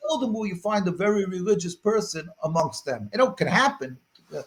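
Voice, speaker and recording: A man, a rabbi, giving long earnest interview answers, often repeating words as he searches for them and rising to forceful emphasis. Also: high voice, lively intonation, a little fast, a crowd in the background.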